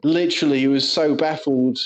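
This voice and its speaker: A man with a fairly high, steady voice talks briskly as co-host of a laid-back podcast. He spins stories packed with swearing and keeps breaking into giggles.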